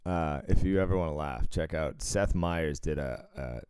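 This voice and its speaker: A man's voice: rumbling low, unhurried, a little mellow, smooth, no echo. A man from Cambridge, Massachusetts, chatting casually, cursing freely and laughing often. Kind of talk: casual chat.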